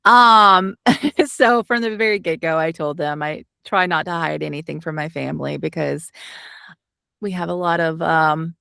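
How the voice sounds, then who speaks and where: A woman from Alabama speaks in a relaxed interview, her Southern accent only lightly showing through. She rambles with plenty of fillers and side turns. Her voice sits a little low, with a dry, close sound. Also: moderate pace, gravelly, clean tone, no room sound. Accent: light Southern US, toned down. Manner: chatty, rambling with many fillers. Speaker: audiobook narrator, guest. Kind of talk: casual interview.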